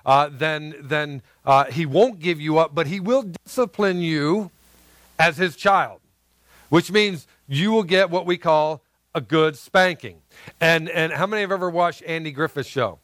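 A man's voice: on the high side, a little slow, fairly bright tone, dry recording. A man from the American South preaching a sermon as pastor, talking earnestly, repeating words and calling his listeners "guys".

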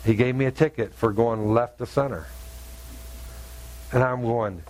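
A middle-aged man preaching a sermon in an animated storytelling way, acting out the voices in his story. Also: mid-range voice, a little slow.

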